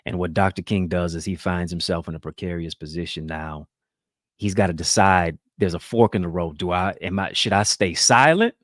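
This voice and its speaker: A man's voice: low-pitched, steady tone, fairly quick, dry recording, studio quality. A man hosting a talk show, giving emphatic, preacher-like motivational commentary.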